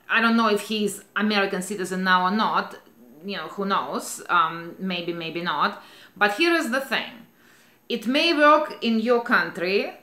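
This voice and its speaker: A middle-aged woman with a Russian accent, a rideshare driver telling a story in an animated way and acting out the dialogue. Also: medium pitch. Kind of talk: storytelling vlog. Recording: roomy echo.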